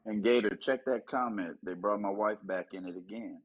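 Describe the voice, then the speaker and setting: Low husky guy on a live stream being sarcastic and bitter. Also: moderate pace, narrow, tinny audio. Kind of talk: livestream panel talk.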